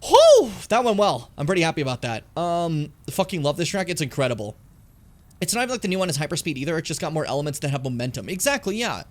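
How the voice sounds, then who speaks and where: A man giving casual, animated commentary while playing a video game, swearing and yelping when things get tense. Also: on the high side, quick pace. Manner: animated, swearing, yelps and pleads when in danger.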